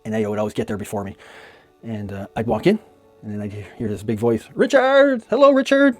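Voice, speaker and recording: A man's voice: fairly low pitch, level tone, fast talker, dark tone, slightly rough, faint music behind. A middle-aged man from Canada, a magician, telling fond and chatty stories about a late friend with frequent laughs. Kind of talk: casual spoken memorial tribute.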